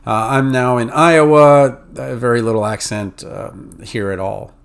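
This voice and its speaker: A man's voice: medium pitch, fairly even intonation, measured pace, vocal fry. A man with a New England and Mid-Atlantic accent hosts a podcast, explaining in a casual, conversational way with lots of fillers and restarts. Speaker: podcast host advising pharmacy students.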